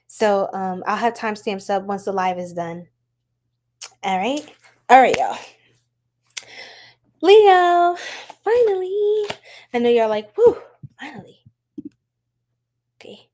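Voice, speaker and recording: A woman from the United States hosting a casual live-stream tarot reading, chatty and animated, laughing often and talking to her viewers. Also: fairly high pitch, takes it slowly, pauses often.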